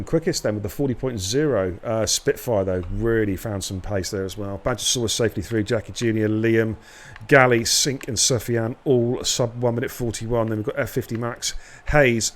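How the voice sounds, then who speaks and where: A man from England commentating a sim race stream, joking and bantering casually with his co-host. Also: mid-range voice.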